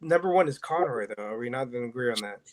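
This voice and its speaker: A man's voice: medium pitch, animated, fast, a crowd in the background. A man chatting casually on a livestream, blunt and opinionated, swearing freely.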